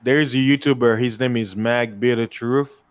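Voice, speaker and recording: A man co-hosting a casual chat, telling stories in an animated way. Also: mid-range voice, normal speed, clean tone. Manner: animated storyteller, many fillers and restarts.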